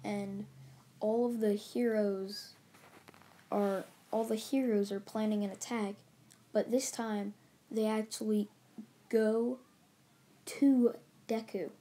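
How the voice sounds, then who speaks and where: A woman hosting her own channel rambles through a casual story recap, often restarting her sentences and leaning on filler words. Her voice stays mellow and low in brightness, and her pitch barely moves. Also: steady tone, slow pace, pauses often. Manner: rambling, loose retelling with many restarts and "like"s. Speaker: channel host.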